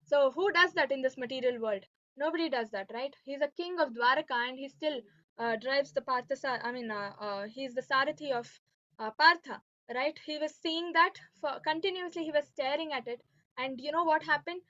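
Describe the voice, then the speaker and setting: Telling stories in a devotional scripture lesson, a woman keeps asking her listeners "right?" and "okay" as she goes. She speaks at normal speed in a high, slightly bright voice. The sound is lo-fi, dull, and dry, without echo.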